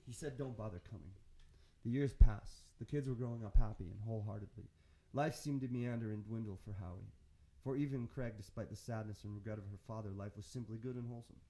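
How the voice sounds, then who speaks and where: A man on a radio show reading the end of a story in a slow, reflective, spiritual tone. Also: lowish voice, warm tone. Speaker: radio host finishing the story. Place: radio studio.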